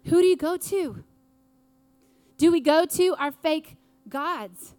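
A woman preaching an earnest sermon with dramatic pauses. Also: high voice, steady tone, no room sound.

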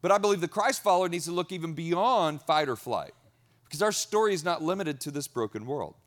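A man's slightly high voice carries an energetic sermon. He repeats key words for emphasis, and his volume swings between loud and soft as he preaches. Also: a little fast. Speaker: pastor.

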